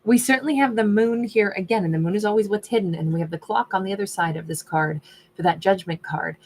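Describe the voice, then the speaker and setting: A woman's voice: mid-range voice, quick pace. A woman doing a casual tarot reading who thinks aloud and is losing her voice. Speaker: tarot reader.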